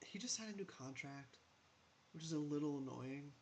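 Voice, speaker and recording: A man with a gravelly, creaky voice chats casually through a gameplay session. He rambles in loose asides, muttering his thoughts and answering the game as if it could hear him. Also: a little high, lively intonation, normal speed, slight background noise. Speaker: gaming channel host.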